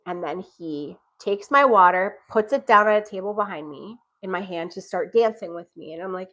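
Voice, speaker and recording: A middle-aged woman with a lowish voice speaks at a moderate pace on a low-quality recording. She's a podcast host casually telling a dating story, animated and laughing often as she acts out what people said.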